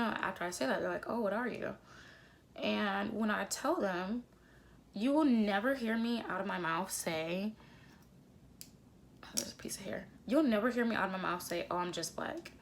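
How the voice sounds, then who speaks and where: A woman's voice: mid-range voice, creaky, slight background noise. A young adult woman with an African American accent, talking candidly to camera while doing her makeup, emphatic, swearing and calling her viewers y'all. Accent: African American English. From United States. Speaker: beauty vlogger.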